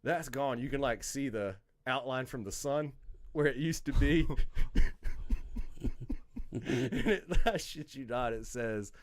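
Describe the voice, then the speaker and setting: The voice is a man from North Carolina, hosting a laid-back podcast chat. He spins a long story with animated, profane energy, swearing as he goes. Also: medium pitch, slow pace, long pauses. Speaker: podcast host.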